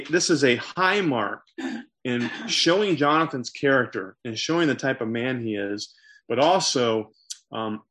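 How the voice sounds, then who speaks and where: Man teaching scripture with lively paraphrase. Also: mid-range voice. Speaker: Bible teacher. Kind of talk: expository Bible teaching.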